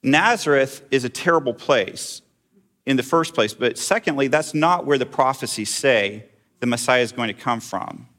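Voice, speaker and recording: A man's voice: medium pitch, animated, normal speed, a bit bright. Middle-aged guy preaching, chatty, asks the crowd stuff. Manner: conversational, asks the audience questions. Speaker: pastor. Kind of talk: sermon.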